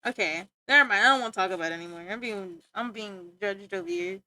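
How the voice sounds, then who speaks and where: A woman's voice: mid-range voice, quick pace, sharp tone. A young woman streaming, chatting casually and rambling, easily sidetracked and giggling as she talks to her chat and friends.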